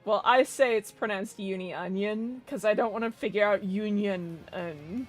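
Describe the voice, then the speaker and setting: A woman's voice: mid-range voice, normal speed, faint music behind. A young woman giving casual, rambling commentary while streaming a game, swearing and laughing often.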